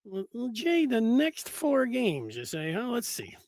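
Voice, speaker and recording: A man hosting a solo sports talk show, rambling and animated with many fillers and restarts. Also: very high-pitched, unhurried.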